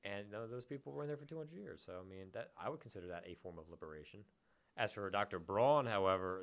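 A young man co-hosting a casual chat about video games, rambling and animated. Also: fairly low pitch, creaky. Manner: rambling, animated, puts on quick voices mid-story. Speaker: podcast co-host.

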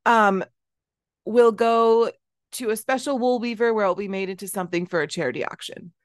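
Woman podcast co-host, chatty, bright and giggly, dead-dry sound. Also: medium pitch, moderate pace, dry recording. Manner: laughs often, many fillers. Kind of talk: casual chat, reading news stories.

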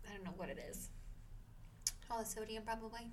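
A young woman in her twenties co-hosting a podcast, teasing her friend with quick, slangy replies. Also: fairly high pitch, background noise. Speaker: podcast co-host. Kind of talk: casual chat.

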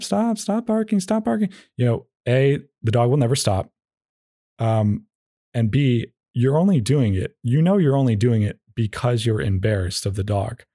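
A man's voice: medium pitch, mellow, breathy edge, dry recording, studio quality. A man hosting a solo podcast, talking in a casual, rambling and opinionated way with a wry edge. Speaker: podcast host.

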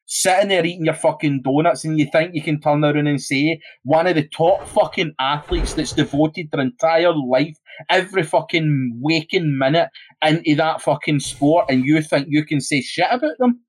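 Young Scottish man, high voice, profane heated podcast rant. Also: moderate pace, low-quality recording. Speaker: podcast co-host.

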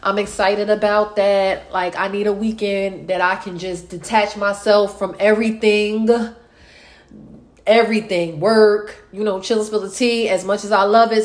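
Casting: woman, late 30s, vlogger, chatty and tender-hearted, sighs a lot. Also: mid-range voice. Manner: emotional, sighing, chatty. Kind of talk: casual chat to followers.

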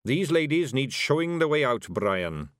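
A man voicing a pompous, huffy male dwarf shopkeeper who blusters and talks loudly and indignantly. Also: mid-range voice, big pitch swings, unhurried, no room sound, clean studio sound, pitched above the performer's own voice.

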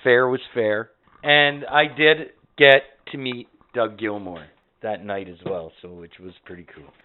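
A man's voice: medium pitch, a little slow, a little hiss or hum. A man telling rambling, profane stories as a podcast co-host in casual chat. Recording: tinny phone-like audio.

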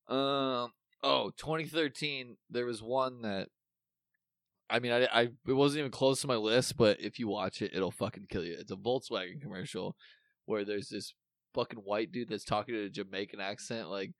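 This co-host's voice is on the low side and fairly bright, at a normal speed, recorded studio-clean with no room sound. Chatting casually on the podcast, he wanders through old memories, curses freely, and loses track of what he was saying partway through.

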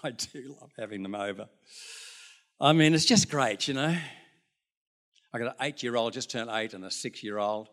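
A man's voice: medium pitch, moderate pace, long pauses, fairly bright tone. An older man with an Australian accent, preaching a sermon as a pastor, telling folksy stories with asides to the congregation. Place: church.

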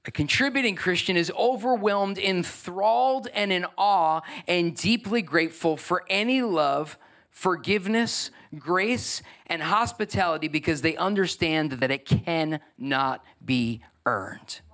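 A man's voice: high-pitched, unhurried, a bit bright. A man, a pastor, preaching a sermon to his congregation in church, earnest and emphatic, often restarting his sentences. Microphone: handheld or stage microphone.

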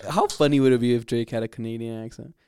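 A man's voice: mid-range voice, steady tone, fast talker, dark tone, clean tone. A young man co-hosting a podcast in casual chat, swearing and arguing while he laughs with his friend. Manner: swears a lot, laughs, argues. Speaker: podcast co-host.

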